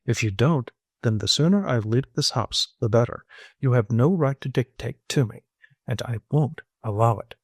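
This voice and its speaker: A man reading an audiobook, voicing a self-possessed young woman who speaks coolly and firmly, lifting his voice higher when she insists. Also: animated, normal speed, a little mellow, husky, dry recording, clean studio sound. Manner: cool and firm, rises when insistent. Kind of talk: audiobook character voice.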